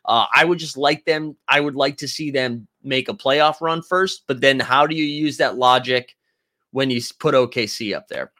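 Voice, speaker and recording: A man's voice: mid-range voice, moderate pace, pushed and bright. A man hosting a casual basketball livestream, rambling through his thoughts and reading viewer comments aloud. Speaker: sports livestream host. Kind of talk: casual chat.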